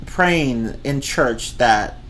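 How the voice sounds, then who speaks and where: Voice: mid-range voice, animated, drawn-out words, fairly bright tone, a little hiss or hum. A streamer ranting casually about movies, rambling and swearing, often breaking into laughter. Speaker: streamer reviewing films. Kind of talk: casual rant.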